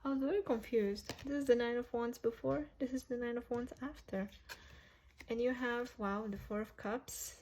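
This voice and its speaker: A woman's voice: a little high, a little mellow, slight background noise. A woman giving a casual tarot reading to viewers, chatty, laughing often and correcting herself as she goes. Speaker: tarot reader.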